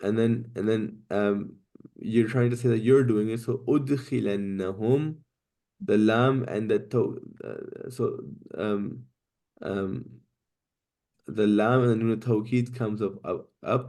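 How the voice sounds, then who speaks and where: A man teaching Quranic Arabic grammar in a class, explaining patiently step by step and reciting Arabic phrases quickly. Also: lowish voice, mellow.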